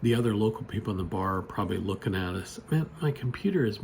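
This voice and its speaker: A man's voice: on the low side, lively intonation, fast talker, vocal fry, a little mellow, a little hiss or hum. A man telling a story in a casual, rambling way, full of "you know" and restarts, recorded on a phone at a desk. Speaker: storyteller vlogger. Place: home desk with computer monitors.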